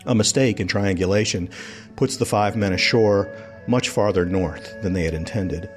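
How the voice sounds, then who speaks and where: Low-voiced man narrating a podcast. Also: moderate pace, soft background music. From South Carolina. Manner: conversational storytelling. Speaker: podcast host.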